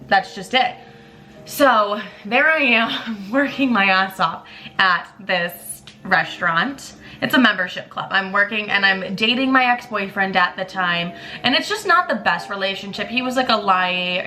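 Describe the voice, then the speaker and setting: A woman's voice: mid-range voice, bright, forceful tone. A woman in her twenties telling a candid, emotional, profanity-laced storytime as a vlogger. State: tearful at times.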